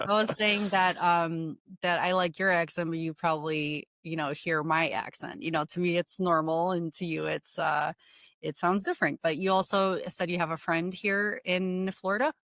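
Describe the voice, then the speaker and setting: Encouraging woman podcast host, lowish voice. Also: steady tone, normal speed, a bit bright, no echo. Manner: friendly, encouraging, chatty. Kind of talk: casual podcast interview.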